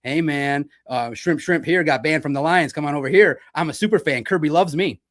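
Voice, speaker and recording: A man mimicking a drunk, obnoxious male heckler at a bar who makes loud, taunting come-ons. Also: on the high side, fairly quick, lightly acted.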